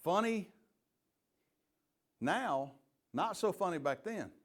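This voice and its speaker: A middle-aged police chief gives a leadership training talk packed with folksy, joking stories, a lively storyteller whose voice sits high and moves slowly.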